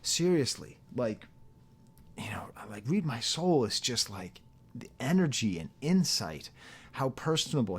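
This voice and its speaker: Chatty man critic, laughing asides. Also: medium pitch. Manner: chatty, digressive, laughs often. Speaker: YouTube rap critic and academic. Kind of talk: casual monologue to camera.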